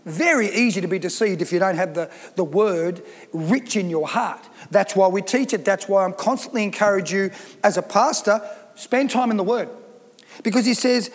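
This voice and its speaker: A woman's voice: mid-range voice, expressive, measured pace. Woman pastor preaching in a reverberant hall. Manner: emphatic, asks the congregation rhetorical questions; reads scripture aloud and explains it. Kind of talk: sermon.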